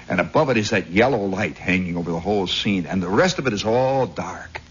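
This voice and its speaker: A man's voice: sits low, a little fast, hardly any pauses, a little hiss or hum. A man from Indiana telling a rambling story as a radio host, on a dull 1960s radio recording. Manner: rambling, animated, husky raconteur. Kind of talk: storytelling monologue.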